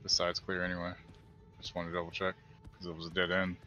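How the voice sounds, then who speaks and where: Laid-back low-voiced man gaming. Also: monotone, fast talker, bright, forceful tone, highs cut off, soft background music. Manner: laid-back, swears casually. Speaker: streamer playing a game. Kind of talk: casual gaming chat.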